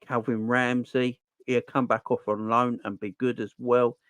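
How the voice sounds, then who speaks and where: A man hosting a casual football live stream, animated and slangy, answering the chat as he goes. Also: mid-range voice, unhurried, clear, resonant tone, no echo. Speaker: football channel host.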